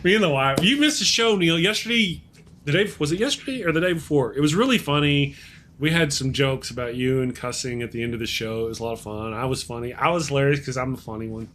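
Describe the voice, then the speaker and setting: A man's voice: mid-range voice, fast, a bit bright, a little hiss or hum. A man hosting a casual live-stream chat, trading self-mocking jokes and greeting viewers. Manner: self-mocking jokey banter. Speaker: show host.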